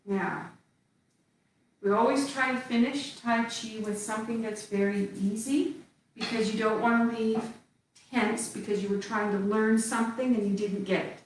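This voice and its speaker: A woman teaching tai chi, giving calm cues while she moves through the form. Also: fairly high pitch, distant mic, a little hiss or hum. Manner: calm, slow cues spoken while moving. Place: indoor room with little space. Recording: very echoey room, voice away from the mic.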